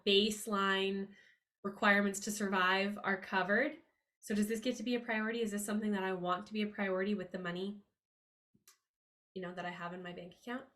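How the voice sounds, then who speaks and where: In a motivational money-mindset podcast monologue, an upbeat woman addresses her listeners directly at an ordinary pitch for a woman, her voice a bit bright. Earnest and confiding, she rises in pitch with emphasis on key words whenever she drives a point home.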